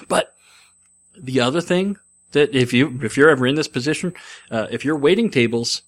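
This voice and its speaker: A man's voice: mid-range voice, fairly quick, fairly bright tone. Rambling wry man talking alone. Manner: self-deprecating, wry, rambling with many fillers. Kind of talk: rambling casual monologue. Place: in a car.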